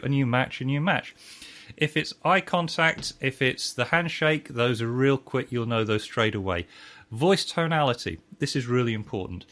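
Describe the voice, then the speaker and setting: A man's voice: mid-range voice, very animated, moderate pace, a bit bright. Man explaining sales psychology with acted examples. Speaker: NLP trainer and guest expert. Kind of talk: conversational teaching.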